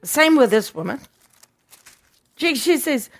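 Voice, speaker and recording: A woman's voice: sits high, expressive, measured pace. A woman preaching a sermon, emphatic and repeating words for stress.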